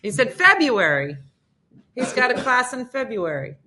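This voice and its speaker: A chatty woman from New Jersey hosts a casual morning show, rambling from one thought to the next. Her voice is bright and forward, and she laughs easily. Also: fairly high pitch, sing-song, normal speed. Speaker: show host.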